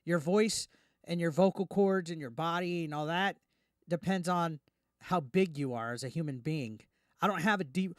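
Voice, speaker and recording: Smooth-voiced man ranting indignantly. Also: on the high side, no echo, clean studio sound. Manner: heated, indignant, fast with repeated restarts. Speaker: YouTube commentary host. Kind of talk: ranting reaction commentary.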